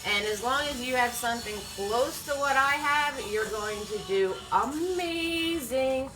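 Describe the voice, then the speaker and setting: A woman's voice: high voice, a little slow, music in the background, low-quality recording. A woman hosting a live-streamed painting class, upbeat and greeting viewers by name as they join.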